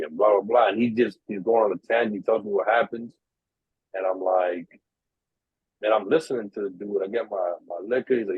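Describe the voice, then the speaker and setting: A man's voice: fairly low pitch, steady tone, fairly quick, husky, no echo. A young man, casually telling a long story on a podcast, swearing freely and acting out the voices of the people in it. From New York. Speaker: podcast co-host. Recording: tinny, dry, narrow-band sound.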